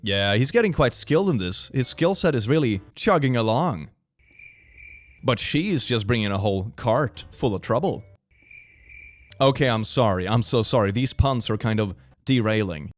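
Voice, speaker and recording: A young man reacting to posts with sarcasm and running puns, his pitch swooping widely as he talks. He laughs easily and shifts between mock outrage and thoughtful asides. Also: animated. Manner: sarcastic, quick to laugh, punning. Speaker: reaction commentator. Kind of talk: casual reaction commentary.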